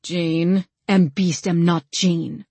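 A woman's voice: lowish voice, level tone, slow, a little mellow, no echo. A woman voicing a fierce, proud wild big-cat beast that speaks in blunt, broken phrases. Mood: growling. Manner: broken clipped speech, no articles.

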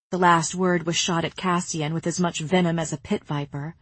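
A woman narrating a fantasy audiobook in the first person, reading in a measured, expressive way on a close mic. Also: on the low side, husky, dry recording.

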